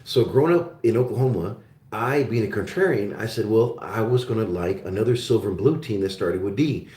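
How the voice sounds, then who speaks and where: Low-voiced rambling man in echoey room. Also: a little fast, dark tone. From Germany. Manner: rambling, friendly, many fillers and restarts. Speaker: show host. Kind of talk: casual live-stream chat with viewers.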